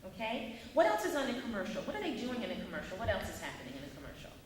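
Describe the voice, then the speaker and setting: Woman running an acting class, high voice, keeps asking the room questions, echoey hall, far from mic. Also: racing, over a noisy crowd. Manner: animated, quizzing the class with questions. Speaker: acting workshop instructor. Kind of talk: classroom teaching.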